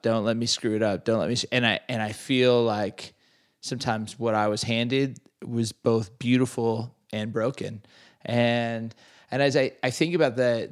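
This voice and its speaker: A man hosting a podcast, speaking reflectively in casual conversation, searching for words with many fillers. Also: mid-range voice. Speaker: podcast host.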